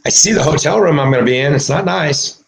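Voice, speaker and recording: A man delivering an emotional monologue, agitated and swearing, swinging from low mutters to shouting. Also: fast, vocal fry, faint music behind. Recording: echoey room.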